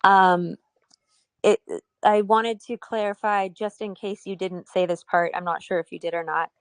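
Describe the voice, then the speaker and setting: A woman co-hosting a casual online Q&A, reading out community questions and clarifying details in a clear, explanatory way. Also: mid-range voice, steady tone, moderate pace, dry recording. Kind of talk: casual livestream Q&A.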